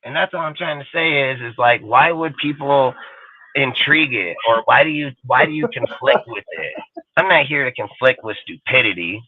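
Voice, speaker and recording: A man hosting a sports talk show in a casual, animated, rambling rant full of swearing. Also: mid-range voice, moderate pace, no room sound. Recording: tinny phone-like line, dry.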